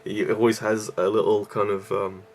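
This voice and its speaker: Breathless man with a low, gravelly voice. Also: flat delivery, moderate pace, slight background noise. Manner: rambling, with many fillers and restarts. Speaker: YouTube movie reviewer. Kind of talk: casual vlog review.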